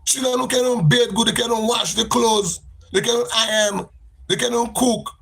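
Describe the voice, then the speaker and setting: Fiery high gravelly Grenadian man. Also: fairly even intonation, moderate pace, fairly bright tone. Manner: fiery, accusatory, repeats phrases. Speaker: live streamer. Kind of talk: ranting live stream monologue.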